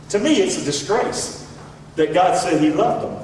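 A Southern man delivers a folksy sermon with a high, lively voice that leaps to shouts and sinks to quiet asides. He is heard from a distance in a big echoing hall, with a faint hum of the room behind him. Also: moderate pace. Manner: folksy, swings from loud shouts to low asides. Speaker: preacher. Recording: echoey hall, voice from far off.

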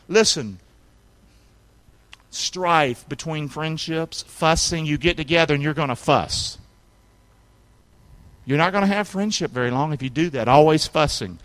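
A man preaching a sermon as a pastor, with emphatic call-and-response and sudden shouted lines for emphasis. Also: fairly high pitch. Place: church sanctuary.

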